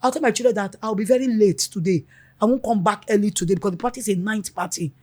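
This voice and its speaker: A woman's voice: mid-range voice, fast. A middle-aged woman, a mother speaking as a guest in an interview and animatedly acting out conversations with her children. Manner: animated, acts out family dialogue in quotes.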